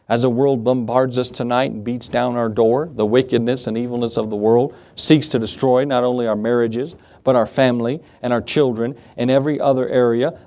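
In a small church, a male pastor with a medium-pitched, slightly mellow voice preaches an impassioned evening sermon to a small congregation. When he acts out a pleading prayer, his voice climbs and pushes forward, then he settles back into plain teaching while reading the verses aloud.

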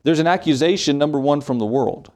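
A man's voice: a little high, brisk, a little mellow. A man preaching a morning sermon, asking the congregation rhetorical questions and acting out short quotes.

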